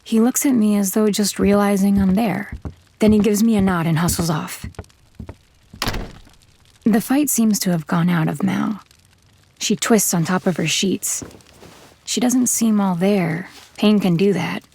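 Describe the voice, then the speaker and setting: A woman narrating an audio drama in first person as a tough, terse gunslinger, in a measured, hard-bitten way. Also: medium pitch, warm tone, slight background noise, lightly acted.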